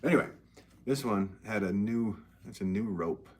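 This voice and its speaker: A man's voice: fairly low pitch, normal speed, darkish tone, slight background noise. A man hosting a pottery live stream, chatting casually and rambling to viewers while he works at the wheel in his studio.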